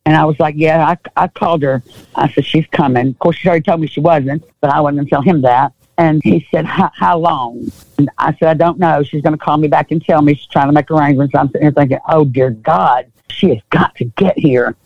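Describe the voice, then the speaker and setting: A woman's voice: deep voice, fairly even intonation, fast, no echo, lo-fi sound. A woman with a Southern US accent, an interview guest telling a personal story in earnest, acting out what people said and often repeating herself.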